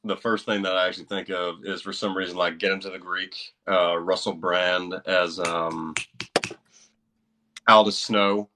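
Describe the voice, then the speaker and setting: A man's voice: deep voice, level tone, measured pace, pushed and bright. A man with a Southern American accent, a guest voice narrator chatting in a laid-back, modest way with many fillers. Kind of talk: livestream chat.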